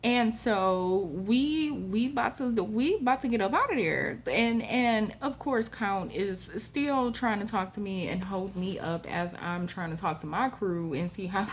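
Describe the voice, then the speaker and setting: A woman host telling a spooky personal story in a chatty, animated way with frequent asides to the listener. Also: medium pitch, a little slow, hardly any pauses, a little hiss or hum. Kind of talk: casual storytime.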